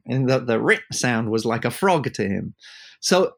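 A man chatting casually as a musician guest in an interview, starting and restarting sentences as he tells animated stories. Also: medium pitch, vocal fry, breathy edge. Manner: halting, many restarts, animated storyteller.

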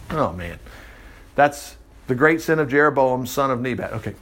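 A man's voice: medium pitch, lively intonation, moderate pace, fairly bright tone. A man preacher reading a Bible passage aloud in a folksy way, breaking in often with his own asides. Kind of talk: Bible reading with running commentary.

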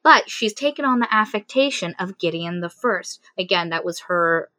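A woman casually recapping a novel's plot as a podcast co-host, animated and acting out the characters' lines. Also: on the low side, moderate pace, dry recording. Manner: animated retelling with quoted voices. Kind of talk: casual chat.

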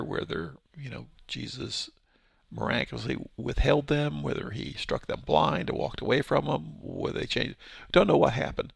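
A man's voice: mid-range voice, gravelly, slightly rough, no echo. A man giving a casual verse-by-verse Bible teaching, explaining with rhetorical questions and his own paraphrases.

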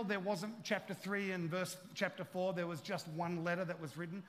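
A man preaching a sermon as pastor, joking and conversational, then building to loud emphatic peaks. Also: sits high, a little fast, hardly any pauses. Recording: long hall reverb.

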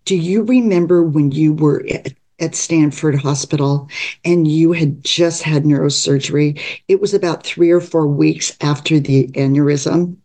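A woman's voice: sits low, a little slow, warm tone. A woman reading the lines of a frank, caring longtime female friend who speaks directly and earnestly.

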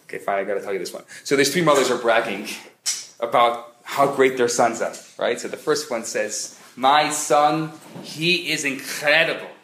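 A man who is a rabbi, giving a humorous lecture as an animated storyteller with quick joke delivery. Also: mid-range voice, noisy background. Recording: echoey room.

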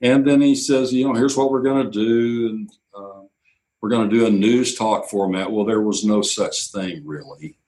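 An older man, a radio executive telling anecdotes in an interview, quoting others in lively bursts. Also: on the low side, moderate pace, low-quality recording. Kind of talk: storytelling interview.

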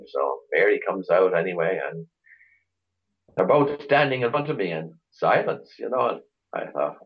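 A man's voice: sits low, expressive, moderate pace, breathy edge, highs cut off. A middle-aged Irish man chatting as an interview guest, telling rambling stories with many restarts. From Ireland. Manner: rambling storyteller, frequent restarts. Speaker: guest, chauffeur tour operator. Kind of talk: casual interview chat.

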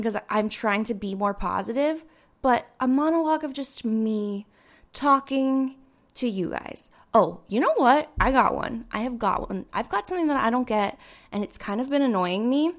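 A young woman with a slightly high voice talks through a casual solo podcast monologue. She rambles in a chatty, animated way, full of fillers. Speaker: podcast host. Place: indoors with sirens outside.

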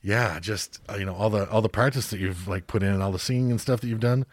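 Rambling low-voiced man in casual chat. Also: fast talker, dry recording. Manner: rambling, full of fillers and restarts, swears casually.

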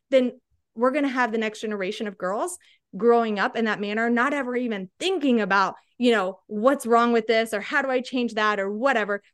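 A woman guest, a body-confidence coach, speaking with passion and emphasis in an interview. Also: fairly high pitch. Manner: energetic, emphatic, tag questions like "right?".

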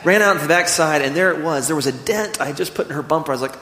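A man in his thirties preaching a sermon, earnest and storytelling, slowing down when he reads scripture. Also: a little high, fairly bright tone. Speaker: pastor. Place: church sanctuary. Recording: echoey church hall.

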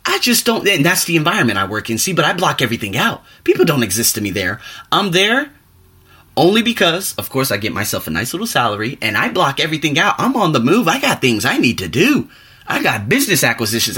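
A young man giving a rambling, motivational vlog monologue in a casual, animated way. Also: slightly rough. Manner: animated, rambling, pitch jumping up for emphasis. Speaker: vlogger and teacher.

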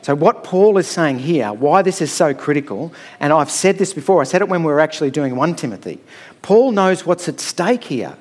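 A man's voice: on the high side, expressive, normal speed. A middle-aged man preaching a sermon in a conversational, storytelling way, often checking in with "all right?".

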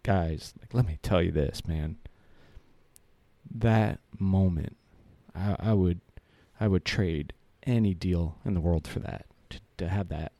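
A man's voice: low-pitched, slow pace, mellow, dry recording. A man in his thirties telling a personal story in a casual, earnest way, rambling with many fillers and restarts.

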